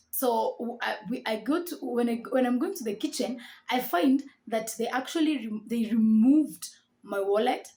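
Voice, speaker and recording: A woman with a Kenyan accent, telling a story straight to camera. Her voice sits a little high, and she acts out every line of dialogue with a lot of life. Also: a little mellow. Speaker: vlogger.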